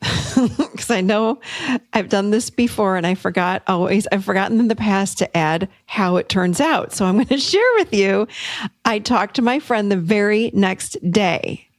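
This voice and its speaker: A middle-aged woman hosting a podcast, telling a coaching story in an upbeat, animated way. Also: mid-range voice, a little slow, no room sound. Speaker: podcast host and therapist. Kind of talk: solo teaching talk.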